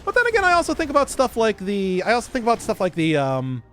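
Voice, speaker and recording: A man's voice: high-pitched, huge pitch swings, quick pace, a bit bright, soft background music. A man streaming a video game, chatting casually with jokes and rambling restarts while answering chat. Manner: jokey, rambling, self-interrupting. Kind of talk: casual gameplay commentary.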